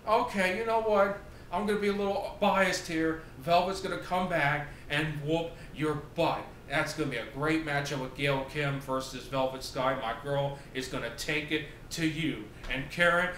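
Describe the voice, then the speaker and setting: A man hosting his own wrestling recap show, talking in an excitable, sarcastic way and acting out the wrestlers' lines. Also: high voice. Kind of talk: animated solo recap and opinion. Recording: echoey room with faint noise.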